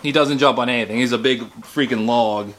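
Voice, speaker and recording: A man's voice: a little fast, a bit bright. Casual man talking about his dog. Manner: talks to dogs in a high baby voice, then chats casually. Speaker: dog owner. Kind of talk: casual home video chat. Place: at home. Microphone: handheld camera.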